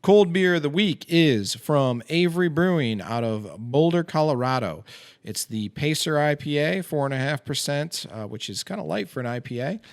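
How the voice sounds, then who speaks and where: A man's voice: a little high, expressive, normal speed, dry recording. A man in his thirties hosting a casual podcast, a chatty, self-deprecating storyteller who uses lots of fillers. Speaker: podcast host and financial advisor. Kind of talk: casual chat over a beer.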